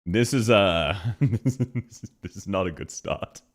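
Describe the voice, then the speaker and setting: Brief: Australian streamer bloke, lively pitch, quick to laugh, casual swearing. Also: male voice. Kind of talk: casual reaction stream commentary.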